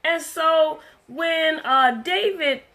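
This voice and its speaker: A woman's voice: sits high, extremely slow, pushed and bright. A woman preaching a livestreamed testimony sermon, earnest and emphatic, driving her points home by repeating them.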